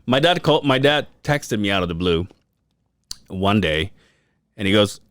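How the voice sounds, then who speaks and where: A man's voice: on the low side, very animated, unhurried, pauses often, a bit bright, clear, resonant tone, dry recording, clean studio sound. A man in his thirties, a podcast co-host, telling a profane story in casual chat and acting out the quotes. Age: 30s.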